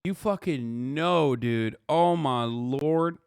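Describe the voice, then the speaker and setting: Man, thirties, livestream commentator, heated profane ranting, smooth resonant voice, dry close sound. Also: mid-range voice, slow, no echo. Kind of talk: reacting to a news video with chat.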